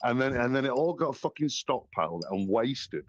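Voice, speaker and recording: A man's voice: mid-range voice, lively intonation, normal speed, dull audio. A man hosting a casual political podcast chat, blunt and heated, swearing often. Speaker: podcast host.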